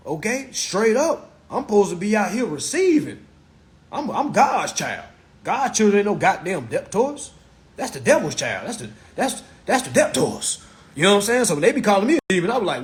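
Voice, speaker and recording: Man, live teaching, casual and blunt, emphatic, repeats himself, high voice, very lively pitch. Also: normal speed. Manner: emphatic and repetitive, with rhetorical questions and profanity.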